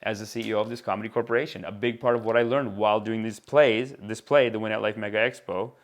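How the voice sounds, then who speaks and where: A man hosting his own podcast as a comedian, rambling in a casual, animated monologue aimed straight at his listeners. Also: fairly low pitch, fast.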